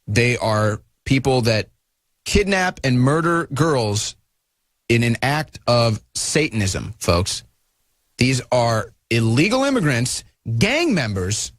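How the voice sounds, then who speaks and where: A man's voice: mid-range voice, big pitch swings, slow, fairly bright tone, dry recording, clean studio sound. A man hosting a talk radio show, giving fired-up, indignant commentary.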